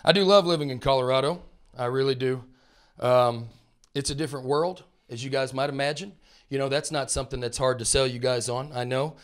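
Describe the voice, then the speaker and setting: A man's voice: medium pitch, clean tone. Drawling Alabama man doing stand-up. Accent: Southern US, Alabama. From North Alabama. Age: 30s. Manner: drawling, rambling, self-mocking storyteller who puts on quick character voices. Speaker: stand-up comedian. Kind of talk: stand-up comedy set.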